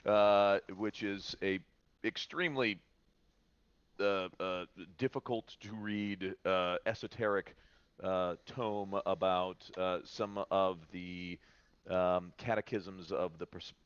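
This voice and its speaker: A man with a fairly low voice runs a tabletop game, narrating haltingly with plenty of filler sounds. The sound is dull and dry, like a modest home stream. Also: steady tone, smooth, dry recording. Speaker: game master.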